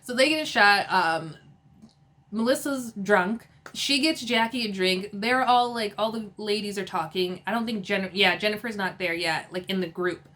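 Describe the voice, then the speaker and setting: A woman's voice: mid-range voice, normal speed, fairly bright tone. A woman chatting casually as she recaps a TV episode, filling her speech with "like" and laughing often. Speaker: TV episode reviewer.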